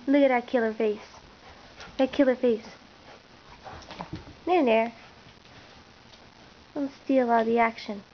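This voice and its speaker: A young woman filming her puppy on a handheld camera at home, talking to it in a playful, teasing sing-song. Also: high-pitched. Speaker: home video maker. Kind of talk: casual talk to pets while filming. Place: indoors at home. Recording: dull, slightly muffled home video with faint noise.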